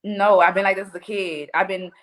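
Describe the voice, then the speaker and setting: A woman's voice: mid-range voice, fairly even intonation, a little fast, slight background noise. A woman with a New Orleans accent, a podcast guest telling stories in casual chat, blunt and full of cursing. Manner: blunt, profane storytelling.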